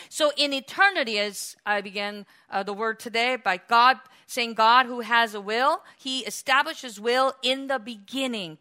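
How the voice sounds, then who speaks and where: A woman preaching a sermon and reading scripture, fervent, rising to loud exclamations and asking her listeners questions she then answers. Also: fairly high pitch.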